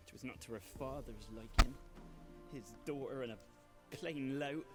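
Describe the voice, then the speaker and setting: An actor playing a grieving young man in a video game, speaking quietly in halting, mournful lines. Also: medium pitch, natural voice. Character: grieving young male villager, broken and bitter. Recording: game audio with music.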